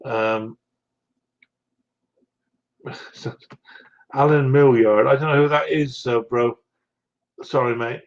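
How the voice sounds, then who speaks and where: A man's voice: medium pitch, fairly even intonation, takes it slowly, long pauses. A man with a West Country accent chatting casually on a live stream, rambling and answering viewers' comments. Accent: West Country English. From South West England. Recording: dull lo-fi stream audio.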